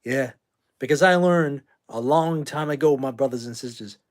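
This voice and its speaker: A US man in his fifties hosts a livestream at a moderate pace and medium pitch. He answers viewer comments in a brash, rambling, trash-talking way.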